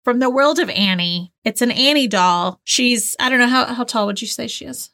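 A woman co-hosting a podcast in casual chat, enthusiastic and quick to laugh. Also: fairly high pitch, sharp tone. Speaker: podcast co-host.

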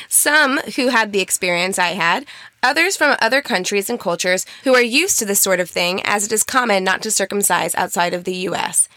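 Brief: frank, chatty woman co-host, bright tone, dry close mic. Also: medium pitch, no room sound. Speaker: podcast co-host. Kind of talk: casual chat.

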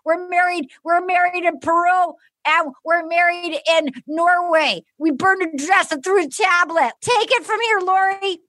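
A woman's voice: very high-pitched, measured pace, hardly any pauses, dry recording. A woman hosting a podcast, recapping a dating show in casual comic chat and acting out quotes. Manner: animated, acts out quotes in mock voices. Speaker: podcast host.

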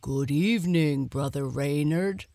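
A woman's voice: low voice, unhurried, gravelly, mellow. A woman voicing a polite, simple-minded male bear in a storybook tale, earnest and courteous.

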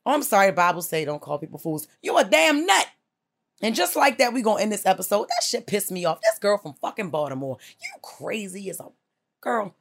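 Heated woman host scolding a listener. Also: lowish voice. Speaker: podcast host. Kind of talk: blunt advice rant.

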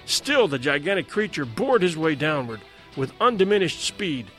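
A man reading a dramatic sea adventure aloud as a narrator, in a measured way. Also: fairly high pitch, sing-song, a bit bright, faint music behind. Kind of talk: scripted story narration.

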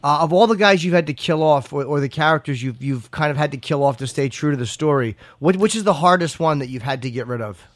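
A man with a slightly raised voice hosts a loose, joking radio chat. He sounds dry and close to the mic, quick to poke fun at himself. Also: on the high side, dry recording. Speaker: radio host.

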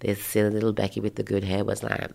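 A woman chatting as an interview guest, telling stories with lively acted-out voices. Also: extremely low pitch, fast talker, vocal fry. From Australia, of Haitian parents. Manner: lively storyteller who acts out voices. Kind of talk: casual interview chat.

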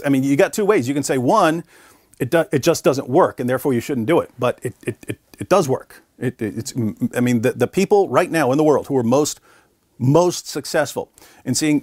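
A man, a guest in an interview at a conference, telling stories in a lively conversational way, acting out the voices he quotes and often repeating words as he starts a sentence. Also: mid-range voice, no echo, studio quality. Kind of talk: conversational storytelling. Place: conference venue.

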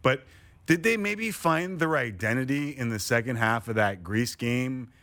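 A man's voice: medium pitch, expressive, a little slow, a bit bright. Brief: middle-aged male sports radio host from Canada, playful, self-deprecating storyteller. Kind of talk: casual sports talk interview.

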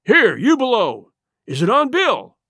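A man voicing a blind old pirate who shouts fierce commands in a high, strained voice, reading a storybook. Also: big pitch swings, moderate pace, dry recording, clean studio sound, heavily acted. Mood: furious.

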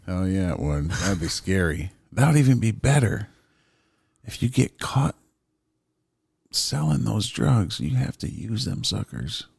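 Man, low voice, casual podcast banter, swears and laughs, dry close sound. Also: very animated, measured pace, vocal fry, darkish tone, husky, no echo. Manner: loose, swearing, laughs a lot, reads news stories aloud. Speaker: podcast co-host. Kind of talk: casual chat.

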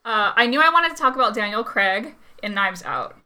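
A woman chatting as a guest commentator, loose and informal, with plenty of fillers and little laughs. Her voice is bright and forward. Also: a little high, animated, moderate pace. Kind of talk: casual chat.

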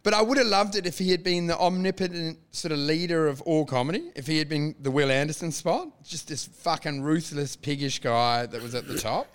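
A man's voice: a little high, a little fast, hardly any pauses, smooth. A man chatting as a comedian on a casual podcast, swearing often and laughing through rambling banter. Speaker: comedian and co-host.

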